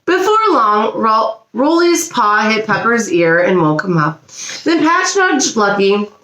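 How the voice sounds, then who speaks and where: Animated woman reading a storybook aloud. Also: a little high, slow pace. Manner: animated, expressive. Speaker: teacher. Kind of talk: children's storybook read-aloud. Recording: roomy echo.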